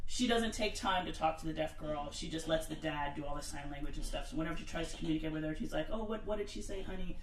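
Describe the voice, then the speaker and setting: A man on a podcast, telling a story in animated casual chat, acting out the quotes and swearing a lot. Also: fairly high pitch, roomy sound, recorded from a distance, poor audio. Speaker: podcast co-host.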